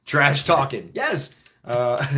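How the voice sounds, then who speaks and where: A man's voice: mid-range voice, sharp tone. A middle-aged man telling rambling, profane stories in a casual chat, with frequent restarts. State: foot injured, limping.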